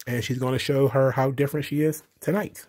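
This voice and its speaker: Blunt, excitable man recapping a show. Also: mid-range voice, a little fast, husky. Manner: blunt and excitable, swears, many fillers. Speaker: wrestling show reviewer. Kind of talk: casual recap commentary.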